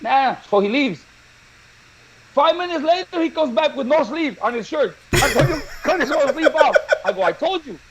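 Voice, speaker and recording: A man co-hosting a talk show, telling funny stories in a lively, laughing way. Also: very high voice, moderate pace, noisy background. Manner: animated, laughing storyteller. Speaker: show co-host. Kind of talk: casual storytelling chat.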